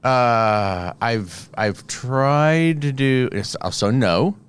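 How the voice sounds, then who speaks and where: A man's voice: medium pitch, extremely slow, clean tone. A man co-hosting a podcast, chatting casually and acting out little scenes as he talks. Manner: animated storyteller, acts out quoted voices. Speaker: podcast co-host. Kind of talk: casual chat.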